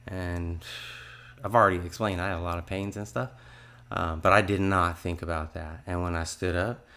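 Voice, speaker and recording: A man's voice: low voice, fairly even intonation, moderate pace, bright, forceful tone. A man in his fifties telling a religious testimony in an earnest, rambling way, often restarting his sentences. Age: 50s. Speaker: testimony speaker.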